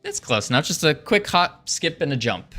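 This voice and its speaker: A man's voice: fairly high pitch, sing-song, moderate pace, bright, forceful tone, soft background music. A man live-streaming his game development, chatting casually and playfully with viewers as he codes. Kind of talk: casual live-stream chat while coding.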